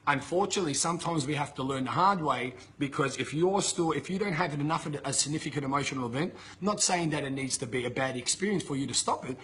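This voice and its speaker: A man's voice: on the high side, a bit bright, slight background noise. A man giving a blunt, emphatic motivational talk to camera, swearing freely and ranting at his listeners. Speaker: motivational coach. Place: filmed in Bali with a camera operator.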